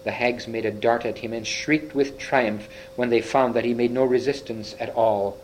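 A man reading a children's fantasy story aloud, slowly and a little haltingly, with small slips and restarts. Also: medium pitch, fairly even intonation, a little hiss or hum, rough recording. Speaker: reader.

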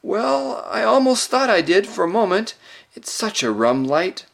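A man reading aloud and voicing an eager, excitable boy king in a storybook. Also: sits high, measured pace, gravelly, pitched above the performer's own voice, full character voice. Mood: puzzled.

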